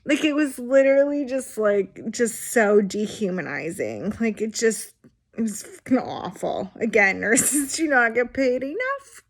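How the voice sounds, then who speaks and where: A woman's voice: a little high, big pitch swings, measured pace. Frank woman in her forties. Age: 40s. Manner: frank and unfiltered, with swearing and wry laughs. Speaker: vlogger sharing her illness story. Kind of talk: candid personal storytelling.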